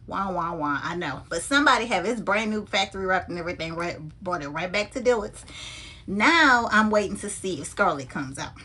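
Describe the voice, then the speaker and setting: A woman handbag vlogger chatting casually and with animated energy to her viewers while unboxing a bag. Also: mid-range voice, a little fast, slight background noise.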